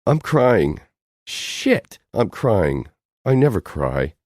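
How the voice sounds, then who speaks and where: A man's voice: sits low, big pitch swings, a little mellow, dry recording, clean studio sound, voice pushed up, full character voice. A man voicing a fiery, tearful young woman. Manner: emotional, quick-tempered outbursts. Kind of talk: audiobook character voicing.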